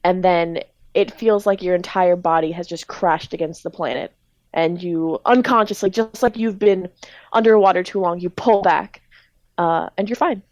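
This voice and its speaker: A woman's voice: on the low side, normal speed, a little mellow, no room sound. A woman game master narrating a tabletop role-playing game in a casual way, with plenty of ums and likes.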